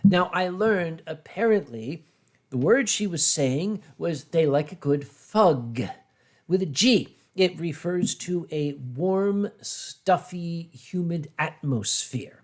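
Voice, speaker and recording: A man hosting a casual drinking livestream talks bluntly and brashly. His voice sits fairly high and swings widely in pitch. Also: lively intonation, slow pace. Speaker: livestream host. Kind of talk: casual drinking-stream chat.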